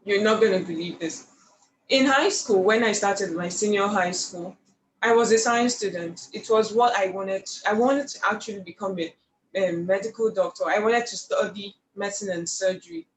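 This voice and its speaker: A woman, a painter guest telling her story in an animated, expressive way. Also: mid-range voice, moderate pace, slight background noise. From Nigeria. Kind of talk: casual storytelling interview. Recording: echoey room with faint ambience.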